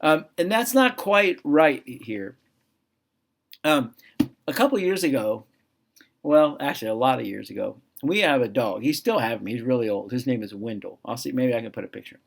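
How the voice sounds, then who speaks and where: A man's voice: medium pitch, animated, moderate pace, gravelly. A man giving a casual Bible lesson to children, talking conversationally and asking his listeners questions.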